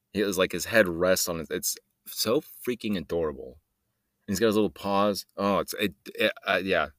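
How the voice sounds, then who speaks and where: A man's voice: on the low side, a bit bright, no echo, clean studio sound. A man hosting a solo podcast, rambling and joking in a meandering way and trailing off mid-sentence. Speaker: podcast host.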